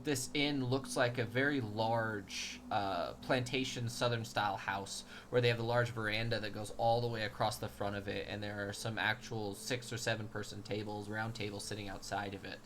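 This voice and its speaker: A man's voice: lowish voice, steady tone, normal speed, hardly any pauses, background noise. A man narrating a tabletop game as game master, rambling and hesitant with many ums.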